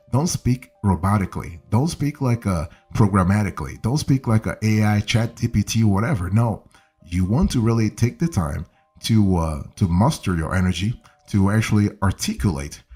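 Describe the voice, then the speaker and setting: Husky-voiced older man coaching. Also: lowish voice, expressive, moderate pace, darkish tone, soft background music. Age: 70s. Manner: conversational, repeats and restarts phrases, coaxing "okay?". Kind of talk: casual instructional talk.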